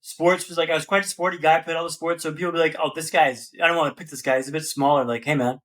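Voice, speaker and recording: A young man, a podcast guest, telling his story in a casual, animated way and calling the host man and brother. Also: on the high side, racing. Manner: animated, slangy, calls listener man and brother.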